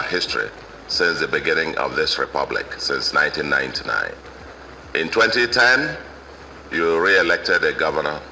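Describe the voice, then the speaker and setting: A man with a Nigerian English accent giving an emphatic victory speech as governor, listing vote figures deliberately. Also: very deep voice, pushed and bright, a little hiss or hum, low-quality recording.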